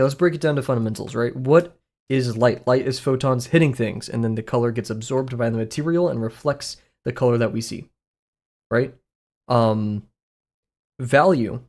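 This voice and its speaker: A young man with a Southern US accent streams casually while he draws, thinking out loud in a rambling, self-deprecating way and chuckling often. His voice sits in the mid-range with a darkish tone.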